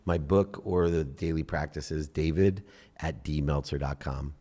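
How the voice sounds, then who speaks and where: A middle-aged man with a very low voice speaks as an interview guest. He is animated and blunt, swears now and then, and jumps into acted-out inner dialogue. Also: measured pace. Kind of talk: casual interview talk.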